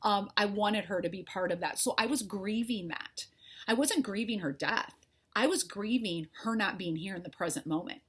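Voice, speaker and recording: A middle-aged woman life coach with a mid-range, slightly rough voice speaks at a moderate pace. She talks candidly to her followers in a heartfelt, conversational, faith-filled way.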